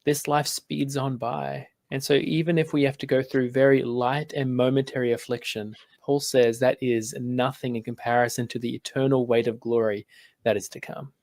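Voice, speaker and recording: A man preaching earnestly in a measured way, in a clip played on a stream. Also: mid-range voice, flat delivery, gravelly, darkish tone, no room sound.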